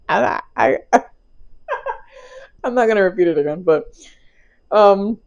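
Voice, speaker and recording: Low and dark in tone, a young woman's voice delivers a relaxed spiritual tarot reading. She keeps it playful and loose, full of slang, swearing and frequent laughter.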